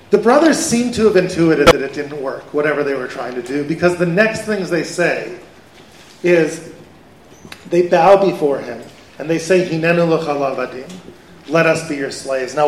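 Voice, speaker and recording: A man, a rabbi, giving a lively conversational Torah lecture to a live audience and asking them questions. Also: a little high, slight background noise. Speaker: rabbi teaching a Torah class. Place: event hall with an audience. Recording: echoey hall.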